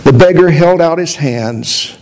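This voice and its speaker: A male pastor giving a sermon in a measured, storytelling way. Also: on the high side, a little mellow.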